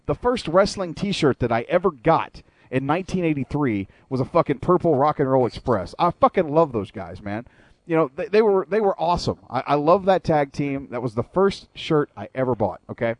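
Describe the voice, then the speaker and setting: A man's voice: on the high side, big pitch swings, normal speed, dry recording. A man hosting a wrestling radio show, ranting with lots of swearing in a casual chat. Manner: profane, ranting storyteller.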